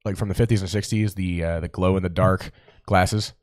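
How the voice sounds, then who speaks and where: A man's voice: deep voice, steady tone, a little fast, no echo, studio quality. A man co-hosting a podcast in loose, casual chat, swearing and drifting into playful put-on voices. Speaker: podcast co-host.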